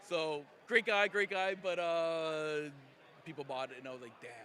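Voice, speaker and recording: A man's voice: a little high, steady tone, a little slow, sharp tone. A man interviewing guests at a convention, rambling loosely and laughing often. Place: convention lounge.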